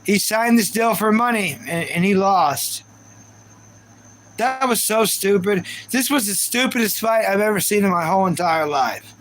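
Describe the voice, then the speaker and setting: Male streamer, high voice, casual rambling rant to chat, faint background hiss. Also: lively intonation, normal speed, fairly bright tone, rough recording. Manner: ranting, repeats himself, talks to chat viewers. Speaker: livestream host. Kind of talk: casual live reaction chat.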